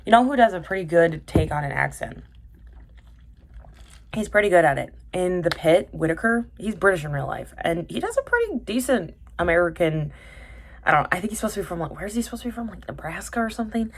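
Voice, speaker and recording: A woman's voice: lowish voice, very animated, brisk. A young woman vlogging casually about dramas she has watched, chatty and tangent-prone, with lots of fillers and self-corrections. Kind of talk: casual rambling chat.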